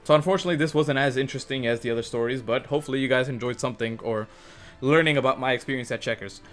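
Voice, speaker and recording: A young man casually telling a work story for his gaming channel, animated and cursing, acting out the other people in shifting voices. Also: mid-range voice, rapid-fire. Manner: animated, swears, acts out quotes in shifting voices. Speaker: gaming youtuber. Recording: faint music underneath.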